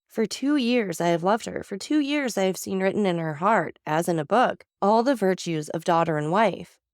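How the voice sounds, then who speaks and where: A woman's voice: mid-range voice, lively intonation, normal speed, smooth, no room sound, clean studio sound, close to an everyday voice. A woman voicing a young man in despairing grief in a storybook reading, her delivery anguished and pleading.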